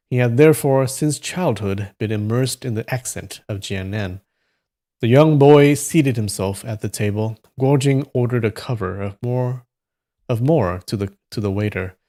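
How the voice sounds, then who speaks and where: A man reading a translated novel aloud on a live stream, relaxed and stopping now and then to comment on the text. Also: medium pitch, measured pace.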